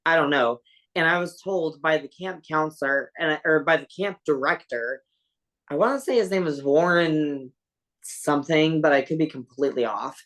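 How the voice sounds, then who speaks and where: A woman's voice: deep voice, moderate pace, fairly bright tone. A woman guest on a podcast telling a personal story in a rambling, casual way, full of "like" and fillers, swearing offhandedly.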